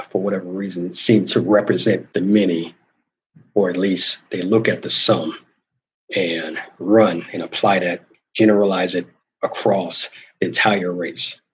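Lively man telling a story. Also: sits low, unhurried, long pauses, poor audio. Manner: animated storyteller acting out quoted voices. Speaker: host. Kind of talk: casual storytelling and reading comments.

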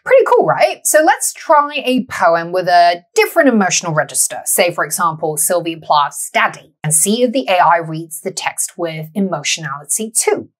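A woman teacher explaining poetry in a lively, animated way. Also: lowish voice, normal speed, hardly any pauses. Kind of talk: explanatory lesson.

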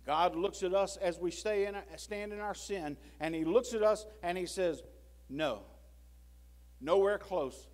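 A man preaching a sermon in a church, swinging from loud pleading to hushed low tones and acting out prayers and God's words. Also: normal speed, few pauses. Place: church sanctuary.

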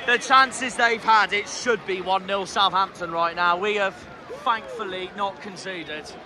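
High-voiced fan shouting over roaring crowd. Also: male voice, unhurried. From southwest England. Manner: excitable, shouts encouragement and complaints at players. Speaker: football fan vlogger. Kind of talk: live match commentary from the stands. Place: outdoor football stadium stands. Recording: loud crowd and stadium noise.

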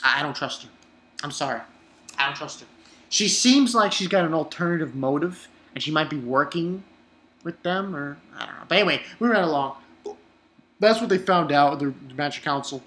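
A man's voice: on the high side, animated, fairly quick, pushed and bright. A man giving a casual, rambling anime episode review, swearing freely and chuckling at his own asides.

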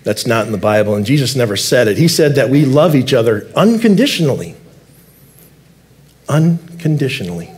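A man preaching a sermon as lead elder in a church, earnest, repeating key words and slowing down to stress them. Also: medium pitch, sing-song, darkish tone. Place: church sanctuary.

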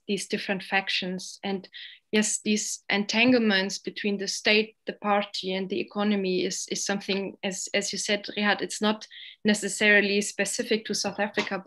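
A woman's voice: mid-range voice, a bit bright. Woman moderating a panel. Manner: polite, hesitant with fillers. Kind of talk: moderating an online panel discussion.

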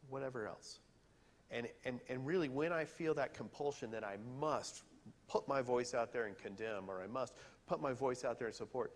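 A man giving a sermon in a church, earnest and questioning, sometimes pausing to search for words. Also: medium pitch, slight background noise. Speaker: pastor. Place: church sanctuary. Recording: hall reverb.

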